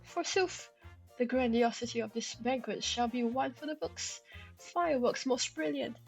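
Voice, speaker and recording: A woman's voice: on the high side, normal speed, vocal fry, faint music behind. A woman voicing a grandiose, theatrical young woman knight who speaks in flowery, archaic phrases.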